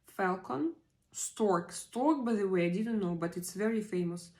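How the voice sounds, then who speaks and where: A woman in her forties chats on a live stream in non-native English, going over vocabulary. She speaks slowly and haltingly at a middle pitch, repeating words and filling pauses as she thinks. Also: lively intonation, darkish tone, low-quality recording. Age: 40s. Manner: slow and hesitant, repeating words aloud, many fillers. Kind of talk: casual live-stream chat, practicing vocabulary.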